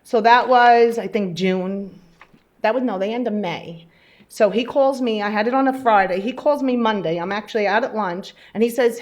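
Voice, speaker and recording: A woman's voice: mid-range voice, a little fast. A nervous, chatty woman tells her personal story to a live audience, acting out the conversations as she goes. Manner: chatty, animated storyteller who acts out dialogue. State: a little nervous. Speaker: patient speaking at an event.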